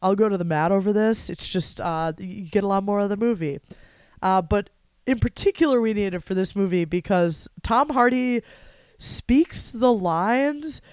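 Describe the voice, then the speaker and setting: A podcast co-host who riffs sarcastically in casual chat and slips into mock-dramatic speeches. The voice sounds smooth and clean. It is recorded close in a dry room. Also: mid-range voice, brisk, a little mellow, no echo.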